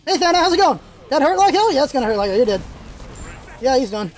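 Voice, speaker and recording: A gaming video host calling out live gameplay, excitable and shouting, repeating calls and teasing opponents. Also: sits high, moderate pace. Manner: teasing, talks to enemy players.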